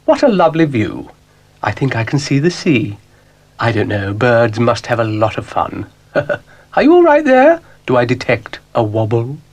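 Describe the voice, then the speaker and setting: A man voicing a refined, motherly female cow in a children's stop-motion show, high and gushing. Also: big pitch swings, moderate pace. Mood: genteel.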